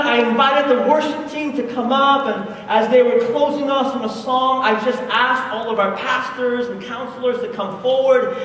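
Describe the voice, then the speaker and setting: A male pastor preaching a sermon at a conference, telling a story slowly and with passion, swinging between loud and hushed. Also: very high voice, a little hiss or hum. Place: large conference hall. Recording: echoey hall from far off.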